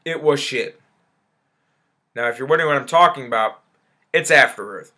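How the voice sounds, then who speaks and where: A man's voice: mid-range voice, normal speed, sharp tone. A young man giving a casual, rambling spoken movie review, blunt and sarcastic, swearing freely and stumbling over fillers and restarts.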